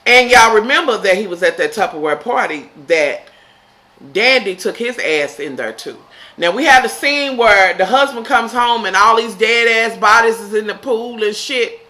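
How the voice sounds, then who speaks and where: A woman casually recapping a TV episode, swearing freely and shouting in disbelief. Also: on the high side, expressive, normal speed. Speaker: TV episode reviewer.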